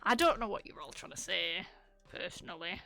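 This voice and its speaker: A woman's voice: fairly low pitch, lively intonation, normal speed, creaky, music in the background. A woman with a Northern English accent, chatting casually and teasing on a livestream while building a keyboard, laughing often.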